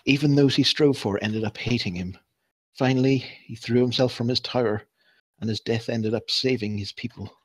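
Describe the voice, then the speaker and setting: A man voicing an injured woman who speaks flatly and without emotion in a tabletop game. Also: medium pitch, normal speed, dry recording, natural voice. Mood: flat, dazed. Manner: flat, emotionless storytelling.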